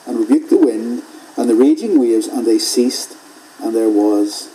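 A man preaching an expository sermon in a measured way, repeating phrases for emphasis and dropping to a hush at key points. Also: mid-range voice, rough recording.

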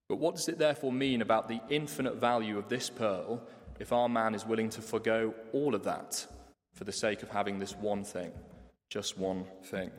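A man preaching a sermon in a church, telling a story in an animated, humorous way. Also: mid-range voice. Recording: church hall reverb.

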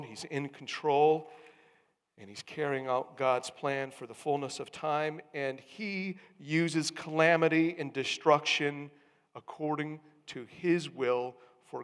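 A man's voice: medium pitch, measured pace. A male pastor preaching a sermon, teaching steadily and building emphasis on key words. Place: church. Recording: long reverb of a church hall.

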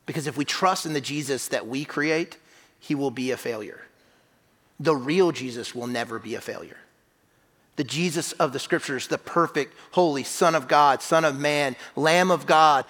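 A man preaching in a church sanctuary, his fairly high voice ringing with long reverb. He talks earnestly, repeating himself and checking in with "right?", rising to loud emphatic bursts, then dropping to quiet, low phrases. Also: a little slow. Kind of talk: sermon.

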